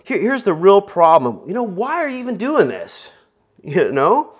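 A man's voice: sits high, huge pitch swings, normal speed. Rambling male preacher. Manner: rambling, filler-heavy, joking. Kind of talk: conversational sermon.

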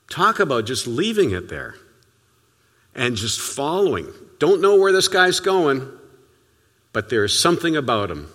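Lively, forceful preacher in a reverberant hall. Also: male voice, medium pitch. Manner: conversational, storytelling preaching with sudden soft drops. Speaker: pastor. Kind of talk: sermon.

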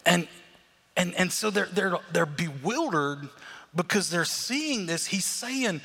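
Pastor guy preaching, kinda high bright voice, big hall echo, acts out the crowd. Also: expressive, slow pace. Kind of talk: sermon.

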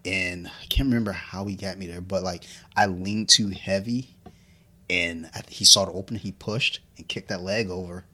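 A man's voice: deep voice, fairly even intonation, normal speed, sharp tone. A man in his thirties in casual chat, profane and laughing as he tells stories, a little drunk.

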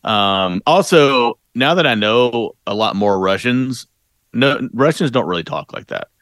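In casual podcast talk, a male co-host rambles, restarting often and leaning on fillers, though he keeps a measured pace. His medium-pitched voice is expressive and fairly bright, recorded at studio quality with no echo.

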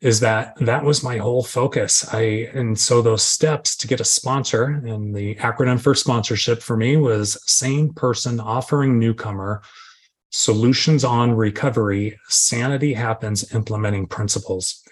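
A man's voice: mid-range voice, moderate pace, husky. A middle-aged man giving a candid, self-deprecating recovery share, acting out his own inner voices. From Arizona, USA. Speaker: recovery speaker.

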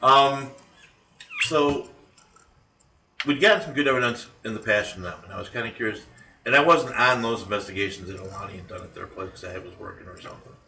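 Guy talking slow and halting, a bit far from the mic, faint noise. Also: lowish voice, bright, forceful tone, reverberant. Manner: halting, with many fillers and restarts. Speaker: paranormal investigator, podcast co-host. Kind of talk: casual chat.

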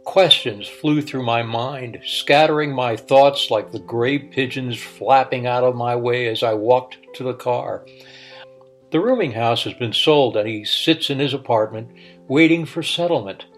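A middle-aged man reading a personal story aloud in a reflective way, stammering and halting when quoting himself. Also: medium pitch, soft background music.

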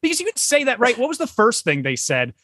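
A man co-hosting a casual podcast chat, talking quickly and incredulously, laughing often. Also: extremely high pitch, wildly swooping pitch, a bit bright, dry recording, studio quality. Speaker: podcast co-host.

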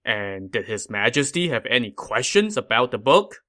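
A domineering regent who speaks with cold scorn and sharp accusation, as a male storyteller puts him on. The voice is bright and forceful, and his pitch sits in the middle. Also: sing-song, normal speed. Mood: scornful. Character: domineering ruthless male regent, easily enraged.

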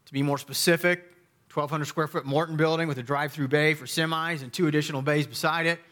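A middle-aged man preaching a sermon as a pastor, emphatic, with dramatic pauses and sudden quiet drops. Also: on the high side, steady tone.

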